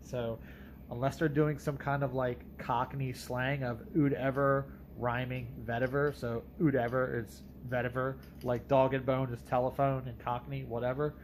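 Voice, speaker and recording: A man's voice: mid-range voice, flat delivery, normal speed, slight background noise, low-quality recording. A man reviewing perfumes in a casual monologue, talking bluntly and emphatically with some profanity.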